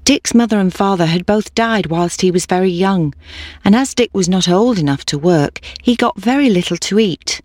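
A storyteller reading a children's tale at an even, gentle pace, mid-pitched and close. The recording is dry with no room sound. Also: moderate pace, no room sound.

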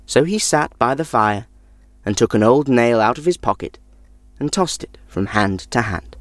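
A man reading a folk tale aloud in a measured, expressive storytelling manner. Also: medium pitch, no echo.

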